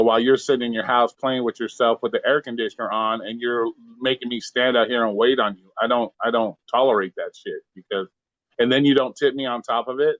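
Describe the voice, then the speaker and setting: A man's voice: mid-range voice, a bit bright, dry recording, muffled recording. A man, a delivery driver, telling a heated, profane story in casual talk and acting out the lines of the people in it. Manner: profane, heated, acts out quotes. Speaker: pizza delivery driver guest.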